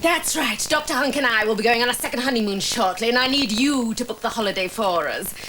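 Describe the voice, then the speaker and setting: A sly scheming villainous nurse. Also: female voice, a little high, animated, fast talker, sharp tone, a little hiss or hum. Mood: sugary. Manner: sugary, sly. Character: scheming villainous hospital sister. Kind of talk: children's TV comedy acting.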